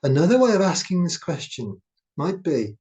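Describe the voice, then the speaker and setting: A man guiding a meditation, speaking in a slow, gentle, soothing way. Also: a little high, very animated. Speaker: meditation teacher. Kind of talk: guided meditation talk.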